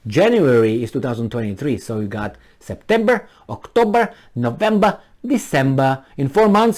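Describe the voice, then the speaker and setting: A man delivers biting commentary on the news, reading headlines and then jabbing at them with sarcastic asides. His voice rises and falls widely in pitch as he scoffs and emphasizes his points. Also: big pitch swings, moderate pace, darkish tone. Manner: talks back to the news, with scattered laughs and asides. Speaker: video commentator.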